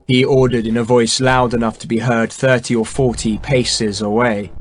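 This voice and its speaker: A man's voice: mid-range voice, flat delivery. Man narrating a historical audiobook. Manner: measured, dramatic reading. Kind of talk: scripted narration. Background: faint background music.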